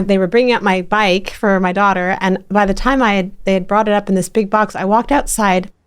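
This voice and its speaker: Chatty, animated woman podcast host. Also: mid-range voice, clear, resonant tone. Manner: animated storyteller with many restarts. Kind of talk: casual interview chat.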